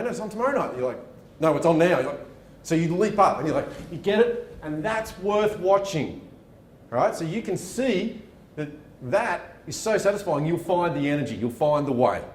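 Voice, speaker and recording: A man giving a motivational talk, acting out the people in his stories. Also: a little fast. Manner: animated, acts out dialogue in his stories. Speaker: motivational speaker. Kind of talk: storytelling keynote talk. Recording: echoey room with faint rumble.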